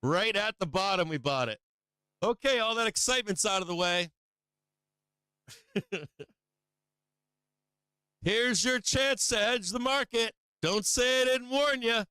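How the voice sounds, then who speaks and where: Brash trading-stream host, a man with a sharp, high voice, swearing freely. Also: animated, unhurried, long pauses, clear, resonant tone, no room sound. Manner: brash and profane, laughing often. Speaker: stock market livestream host. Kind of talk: live trading commentary.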